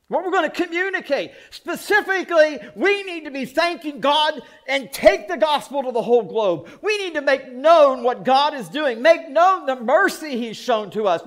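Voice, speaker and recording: A man's voice: extremely high pitch, fairly bright tone. A man preaching a sermon as pastor, folksy and plain-spoken. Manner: folksy, plain-spoken, mock voices for effect.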